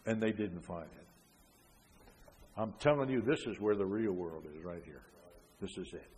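An older man preaching a sermon, emphatic, with frequent rhetorical questions, rising loud and then dropping soft. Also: low voice, moderate pace. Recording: long hall reverb.

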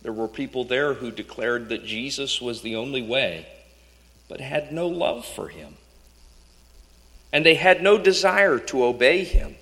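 Bright-voiced preacher in a reverberant hall. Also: male voice, mid-range voice, a little slow. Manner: earnest, questioning, emphatic. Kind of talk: sermon.

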